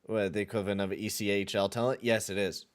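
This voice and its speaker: A man's voice: lowish voice, little pitch movement, quick pace, clean tone. A man from western Canada hosting a casual live hockey play-by-play podcast, swearing and complaining in exasperation. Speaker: podcast host and play-by-play caller.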